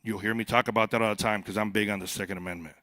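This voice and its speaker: Racing along in a fairly low, pushed and bright voice with fairly even intonation, a border patrol agent jokes and chats with a live audience on stage. It's a conference speech at a youth summit, and he often repeats words as he starts sentences.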